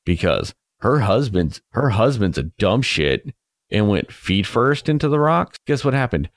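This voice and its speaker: A man's voice: fairly low pitch, sing-song, a little slow, no room sound. A young man recapping a movie in a casual, rambling way, sarcastic and swearing a lot, slipping into mocking voices for the people he describes. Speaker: movie reviewer.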